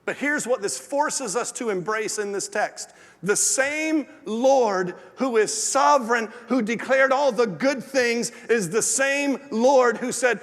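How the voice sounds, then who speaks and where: Casting: pastor, high-pitched voice, sermon in a reverberant sanctuary. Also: male voice, slow. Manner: swings from lively and loud to low and hushed. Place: large church sanctuary. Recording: long hall reverb.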